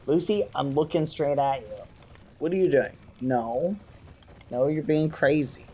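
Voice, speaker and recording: A man's voice: on the high side, measured pace, warm tone. A man streaming while he plays a game, chatting casually to his viewers and swapping swearing for mild exclamations. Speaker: livestreamer. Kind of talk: casual live-stream chat while gaming. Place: home gaming setup. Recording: keyboard clicks and typing behind.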